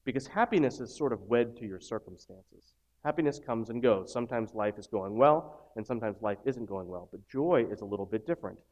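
A man preaching a sermon as a pastor, in a conversational way that swings from hushed, slow lines to loud, emphatic ones. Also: medium pitch, expressive, highs cut off.

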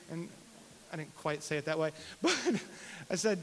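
A man telling a personal testimony story in an animated, self-deprecating way, often repeating his words. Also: fairly high pitch, brisk. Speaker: speaker sharing a personal testimony. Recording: long hall reverb, faint hiss.

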